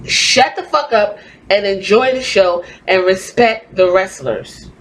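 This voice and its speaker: A woman's voice: mid-range voice, slow pace, low-quality recording. Woman, podcast host, exasperated profane rant, faint noise behind.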